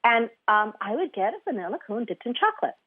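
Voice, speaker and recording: A woman's voice: a little high, very animated, fast talker, husky, no echo. A woman from Guam, a therapist, telling a story in an interview, acting out quoted voices and laughing often. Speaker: guest, eating disorder therapist. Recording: tinny phone-line sound, dry.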